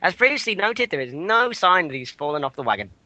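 A man's voice: high voice, sing-song, fast, bright, forceful tone, no room sound, muffled recording. A man co-hosting a casual podcast, reading out news items with stumbles, fillers and asides.

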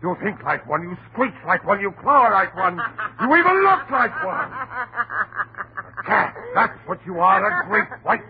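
An actor playing a tormented husband in a vintage radio drama, speaking with intense, theatrical emotion. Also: male voice, high-pitched, expressive, normal speed, hardly any pauses. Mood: taunting. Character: tormented husband, bitter then frantic. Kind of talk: 1940s radio acting. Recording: tinny old radio recording, faint hiss.

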